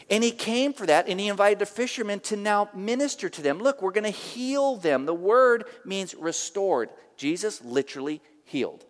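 A middle-aged male pastor delivers a sermon, weaving in animated personal stories. His voice sits notably high for a man. The sound carries the long reverb of a church sanctuary. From San Francisco area, USA. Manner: animated, emphatic storyteller.

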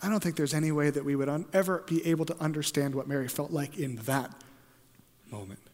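A man preaching with a high-pitched voice, his words trailing into a long hall reverb. He drops to a near-hush, then builds to fervent, loud peaks. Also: brisk. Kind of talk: sermon.

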